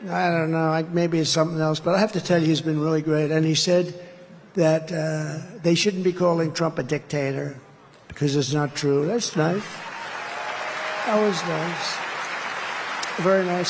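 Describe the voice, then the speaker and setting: A man's voice: sits high, a bit bright, long reverb tail. A man giving a campaign rally speech, rambling and repetitive with boastful asides. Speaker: political candidate addressing a rally.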